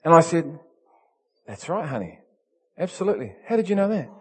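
A male pastor, preaching in an animated, emphatic way that swings from loud to soft. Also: fairly high pitch, fairly quick, breathy edge, big-room sound. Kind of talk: storytelling sermon.

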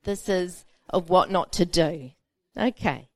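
A woman's voice: on the low side, animated, slow pace, darkish tone, no echo. A woman pastor preaching a sermon, telling a self-mocking personal story with frequent laughter.

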